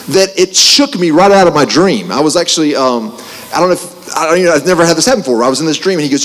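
A man preaching, telling a personal testimony in an animated way, with restarts and joking asides. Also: a little high, fast. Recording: long hall reverb.

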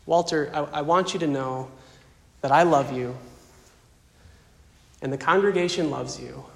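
A man preaching a farewell sermon as pastor, speaking softly and emotionally with slow pauses. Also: a little high, gravelly, in a large hall.

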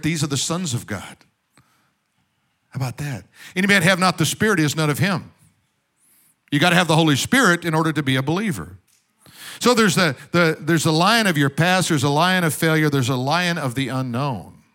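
Male preacher, slightly high and bright voice, casual sermon with soft asides. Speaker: pastor.

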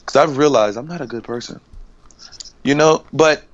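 A man's voice: mid-range voice, moderate pace, lo-fi sound. A young man co-hosting a podcast, joking and rambling in slangy casual chat. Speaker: podcast co-host.

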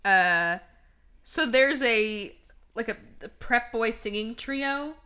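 A woman co-hosting a podcast in loose, casual chat. Her voice is bright and fairly high, and it swings widely in pitch as she gets animated. She laughs often, swears freely and acts out other people's lines. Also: slow pace. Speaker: podcast co-host.

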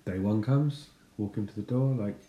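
A man in his thirties telling a funny story about his son in a casual, sweary, animated way. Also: on the low side, normal speed, dull audio. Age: 30s. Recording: echoey room.

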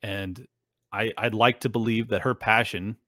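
A man hosting his own show talks to viewers in a lowish, pushed, bright voice, unhurried and with fairly even intonation. His casual monologue is earnest and emotional, wandering with many fillers. The clean studio recording has no room sound.

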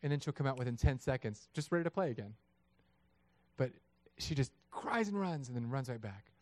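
Pastor in his thirties delivering a sermon, mid-pitched and animated, dry close-miked sound. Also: brisk, dry recording. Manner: animated, acts out voices of God and people.

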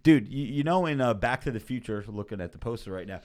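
A man's voice: medium pitch, lively intonation, fast talker. A man co-hosting a podcast, telling a rambling, profane story and acting out what others said. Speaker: podcast co-host. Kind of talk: casual podcast chat.

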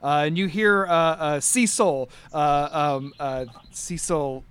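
A man narrating a tabletop game as game master, halting often and restarting his sentences. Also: fairly high pitch, fairly even intonation, a bit bright, a little hiss or hum. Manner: halting, full of fillers and restarts.

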